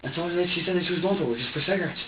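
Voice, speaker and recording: High-pitched and rapid-fire, a man rambles to detectives under police interrogation, repeating himself and acting out his own words. The far room camera records him from a distance over a noisy background, and the audio comes out dull and echoey.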